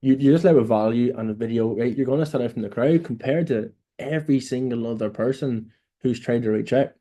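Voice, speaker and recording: A young Irish man talks straight to camera with a mellow, dark voice. He coaches bluntly, swears freely and keeps checking in with "right?" as he goes. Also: medium pitch, brisk. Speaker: online business coach. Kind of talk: casual coaching monologue. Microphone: phone or camera mic in a room.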